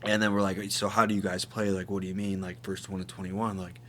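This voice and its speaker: A man's voice: deep voice, flat delivery, fast talker, fairly bright tone, a little hiss or hum. A young man co-hosting a podcast, telling stories in casual chat with lots of swearing and laughter. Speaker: podcast co-host.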